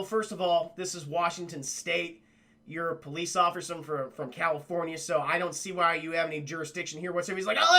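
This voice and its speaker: A young man livestreaming a casual film review, retelling scenes in an animated, profane way and talking to his chat. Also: high voice.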